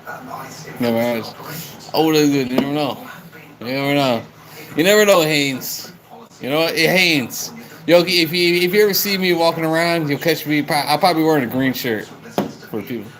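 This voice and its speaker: Young man, rowdy livestream chatter, a bit high-pitched, swears freely, keeps repeating himself. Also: brisk, fairly bright tone, poor audio. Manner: rowdy, repetitive, swears a lot; calls out viewers by name. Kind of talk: rambling livestream chat with viewers.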